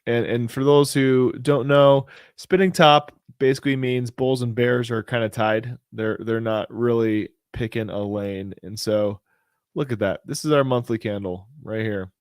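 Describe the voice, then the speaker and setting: A man's voice: medium pitch, fairly even intonation, a little slow, clean tone, dry recording, clean studio sound. A man hosting a casual crypto show, talking through price charts in a rambling, chatty way with lots of fillers and restarts. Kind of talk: casual live chart commentary.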